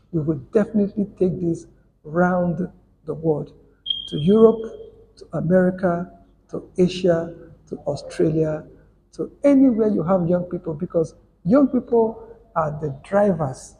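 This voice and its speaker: A man lectures at a slow, deliberate pace in a high, gravelly voice. He repeats each key figure for emphasis. His dark, mellow tone carries a long hall reverb. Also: a little hiss or hum. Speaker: workshop speaker. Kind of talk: motivational lecture.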